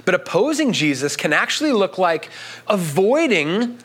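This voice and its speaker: Male preacher with a high, lively voice. Conversational sermon delivery, with frequent "right?" asides. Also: moderate pace, husky.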